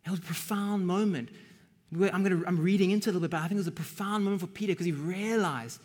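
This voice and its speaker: Brief: earnest male preacher, husky and fairly high voice, long hall reverb. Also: rapid-fire, darkish tone. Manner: earnest, building to emphatic bursts. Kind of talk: sermon.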